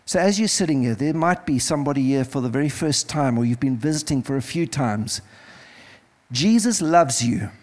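A man's voice: mid-range voice, expressive, normal speed, darkish tone. A man preaching as pastor in a church service, earnest and pleading, repeating phrases as he leads an altar call. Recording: music playing behind.

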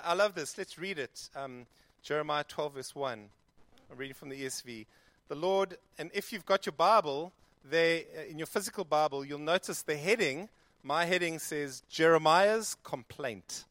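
Pastor, man, high voice, animated sermon delivery, dry recording. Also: dry recording. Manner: animated preaching, acting out quoted prayers. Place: church.

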